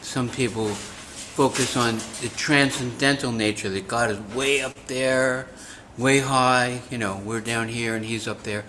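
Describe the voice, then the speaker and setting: A man calmly explaining a theological idea in a devotional class over a call. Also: medium pitch, unhurried, slight background noise, poor audio. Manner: calm, explanatory. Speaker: class participant.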